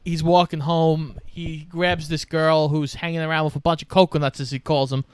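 A man co-hosting a casual movie recap, retelling scenes in a relaxed way with casual swearing. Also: on the high side, normal speed, clean tone, no echo. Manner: relaxed storytelling, quotes characters, casual swearing. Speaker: podcast co-host.

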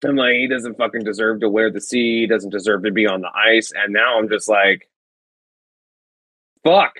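A man's voice: fairly low pitch, steady tone, a little fast, bright, forceful tone, no echo, low-quality recording. A man co-hosting a podcast in casual sports chat, talking bluntly in a laid-back way and swearing freely. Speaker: podcast co-host.

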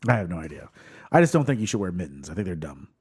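A man hosting a podcast in casual chat, animated and profane, rambling with lots of fillers. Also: low-pitched, rapid-fire, breathy edge. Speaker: podcast host.

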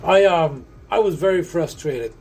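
A man's voice: fairly high pitch, animated, measured pace, darkish tone, a little hiss or hum, rough recording. A man working through a language app lesson, chatty and often repeating and correcting himself. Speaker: language tutor. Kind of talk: casual lesson walkthrough.

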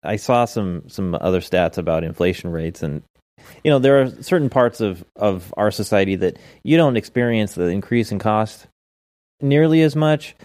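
A man with a very low voice hosts a relaxed talk show. The sound is dry and close, and he moves through topics steadily, quoting figures. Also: normal speed, no room sound. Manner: steady, steers topics, reads out statistics. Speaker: host. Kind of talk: casual chat.

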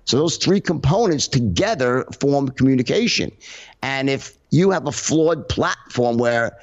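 A man speaking as a podcast guest in a lively, swooping voice that rises and falls a lot as he acts out how people sound. He talks casually and restarts his sentences often. The audio is slightly dull and lo-fi. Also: mid-range voice, unhurried. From United States. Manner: animated, acts out tones in quoted examples, many restarts. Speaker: podcast guest, sales trainer. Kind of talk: casual conversational interview.

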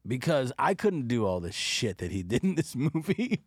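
A man giving an animated, profane movie review, ranting with mock hostility and frequent laughter. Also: medium pitch, normal speed, husky, dry recording, clean studio sound. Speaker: film reviewer.

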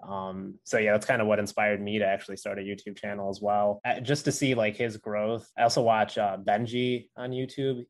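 A man with a lowish voice chats casually with a fellow creator. He rambles and stacks filler words as he goes. His delivery stays loose and easygoing throughout. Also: flat delivery, a little fast, hardly any pauses. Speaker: investing YouTuber. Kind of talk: casual conversation between creators.

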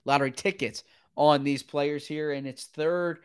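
A man calling football play-by-play in a brisk, running commentary style that climbs quickly when big plays happen. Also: a little high, clean tone, no room sound, studio quality. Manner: brisk, rising sharply with excitement at big plays. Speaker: play-by-play announcer.

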